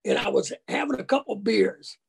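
A man's voice: sits high, huge pitch swings, normal speed, gravelly, slightly rough. A man who once played college football, recalling his past in a casual interview, folksy and colloquial. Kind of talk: casual storytelling.

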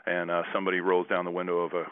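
A man's voice: sits low, monotone, very fast, no room sound. A Canadian man, a former basketball player, telling a rambling story with many restarts as an interview guest over a phone line. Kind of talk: casual anecdote telling.

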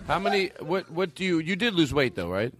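A man's voice: a little high, very animated, a little fast, crowd noise. A man hosting a casual comedy podcast, playfully teasing and questioning his guest. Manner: playful, teasing, laughing interviewer.

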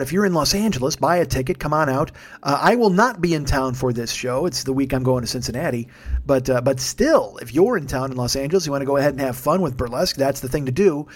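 A man hosting his podcast late at night, a tired, yawning stand-up comedian rambling through show plugs with lots of swearing and self-mocking jokes. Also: a little high. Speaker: podcast host.

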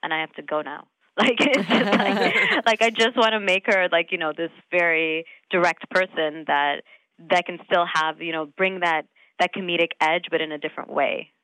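A woman in her thirties, an actress talking casually in an interview, animated, laughing often and full of fillers. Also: lowish voice, fairly quick, smooth, no echo, low-quality recording. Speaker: actress guest.

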